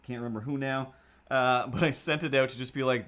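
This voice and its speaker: Rambling man telling a story on a livestream. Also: fairly quick. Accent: self-made, hard to place. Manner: rambling, with frequent restarts and fillers; animated, jumps into squeaky voices for the people he quotes. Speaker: livestream host. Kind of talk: casual storytelling while drawing.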